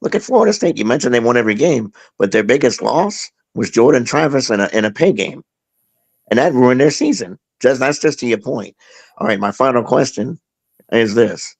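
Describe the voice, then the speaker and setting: A man co-hosts a sports podcast, asking his questions in a relaxed and easygoing manner. His voice is gravelly with a lot of fry, and his pitch is middle for a man. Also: moderate pace, rough recording. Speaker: podcast co-host. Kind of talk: casual podcast interview.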